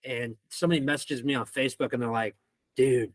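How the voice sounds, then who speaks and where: A young man from Missouri telling a rowdy school story as a podcast guest, animated and swearing freely. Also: medium pitch, fast talker, no echo. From Missouri, United States. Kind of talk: casual storytelling.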